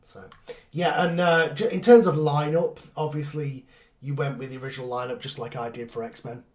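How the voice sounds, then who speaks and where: An English man hosts a relaxed chat, his voice sitting at a middle pitch. He thinks aloud as he goes, full of fillers and little restarts. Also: moderate pace. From England. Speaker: podcast host. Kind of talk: casual chat.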